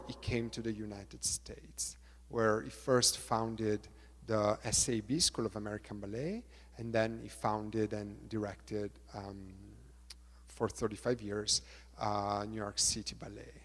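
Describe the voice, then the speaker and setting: A middle-aged man with an Italian accent, a choreographer lecturing on dance technique, halting and repeating words, counting beats aloud. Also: on the low side. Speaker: choreographer giving a talk. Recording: reverberant lecture hall.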